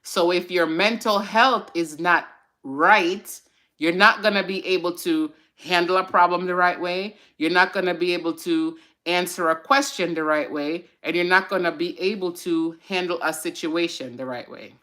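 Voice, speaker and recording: Bright-voiced chatty woman host. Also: lowish voice, moderate pace. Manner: chatty and encouraging, with fillers and side remarks to viewers. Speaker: host of a mental health segment. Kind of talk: casual live-stream chat.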